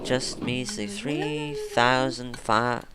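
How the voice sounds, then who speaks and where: A man voicing a sly male tipster with a put-on US Southern accent, pitching secrets in salesman patter. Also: expressive, takes it slowly, background noise. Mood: wheedling.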